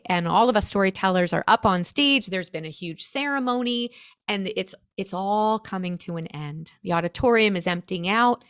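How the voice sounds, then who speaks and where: An American woman, a storyteller, recounting a personal experience in an earnest, animated, emotional way. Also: mid-range voice, dry recording, studio quality. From United States. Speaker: storyteller guest. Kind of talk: conversational storytelling.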